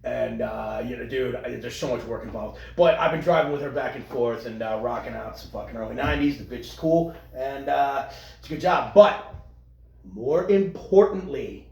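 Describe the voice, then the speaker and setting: A man co-hosting a podcast in casual crude banter, animated and profane, with lots of trailing restarts. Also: medium pitch, moderate pace, creaky, echoey room. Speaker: podcast co-host.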